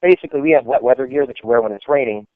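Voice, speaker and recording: Racing along at medium pitch, the veteran rambles through his stories, filling them with "like" and "you know." It's casual storytelling captured in a dry, tinny recording that resembles a phone line.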